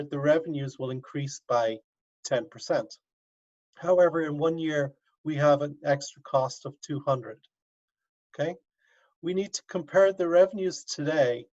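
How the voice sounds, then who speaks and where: A male university professor teaching an online class, coaxing students step by step over a video call. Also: a little high. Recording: dull lo-fi video call audio.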